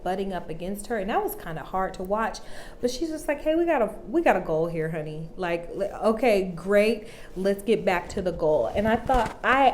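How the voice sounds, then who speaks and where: A woman's voice: mid-range voice, a little hiss or hum. A woman hosting her own vlog, chatting casually and animatedly to her viewers. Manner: chatty and animated, full of "like" and "honey". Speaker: vlog host. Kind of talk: casual chat to camera.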